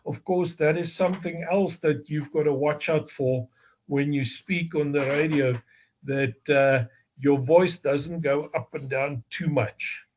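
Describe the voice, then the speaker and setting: A man with a South African accent giving a slow, deliberate exam review lecture, explaining step by step with fillers and self-corrections. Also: fairly high pitch, fairly even intonation, a little mellow, slight background noise. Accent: South African English. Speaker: amateur radio exam instructor.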